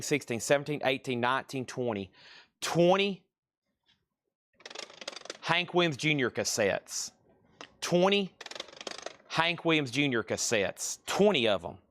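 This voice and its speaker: A man's voice: mid-range voice, a bit bright, dry recording. A man hosting a live record and cassette sale, chatting casually as he names items and prices. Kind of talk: casual live-stream selling.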